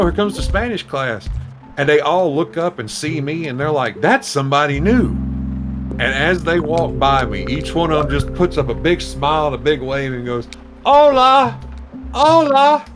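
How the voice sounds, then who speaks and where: A man casually telling an animated, profane story to friends on a live show. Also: mid-range voice.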